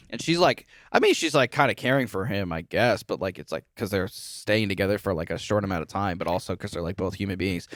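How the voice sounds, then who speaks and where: A man's voice: fairly low pitch, fairly quick, few pauses, dry recording, studio quality. A young man co-hosting a podcast, casually retelling a horror film and acting out quoted lines. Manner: animated retelling with quoted voices. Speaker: podcast co-host. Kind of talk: casual movie review chat.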